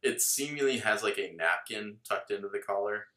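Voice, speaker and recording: A man's voice: fairly low pitch, normal speed, pushed and bright. A man co-hosting a podcast in casual chat, musing analytically and laughing often. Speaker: podcast co-host. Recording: roomy echo.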